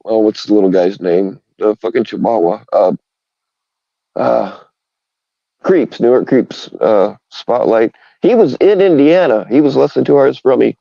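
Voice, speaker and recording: A man's voice: lowish voice, vocal fry, warm tone, dry recording, lo-fi sound. A man in casual online chat, talking bluntly and profanely with a mocking edge.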